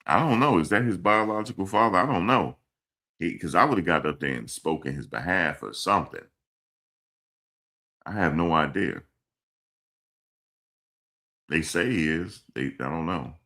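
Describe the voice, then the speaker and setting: A man hosts a casual live stream and answers chat comments. His voice sits extremely low and has a rough, gravelly fry. He talks bluntly and repeats himself as he scolds commenters. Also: lively intonation, normal speed, pauses often, sharp tone. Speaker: livestream host reading chat. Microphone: streaming mic.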